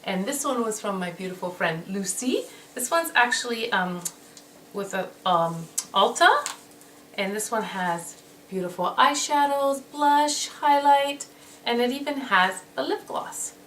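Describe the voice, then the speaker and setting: A woman hosting a casual beauty haul video, gushing and excitable, often repeating how excited she is. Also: fairly high pitch, unhurried. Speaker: beauty vlogger. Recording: roomy echo, distant mic, noisy background.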